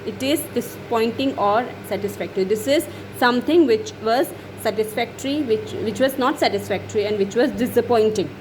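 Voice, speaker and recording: A woman's voice: on the high side, noisy background. A woman teaching grammar, explaining each example and often repeating and restarting phrases. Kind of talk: explaining grammar over slides.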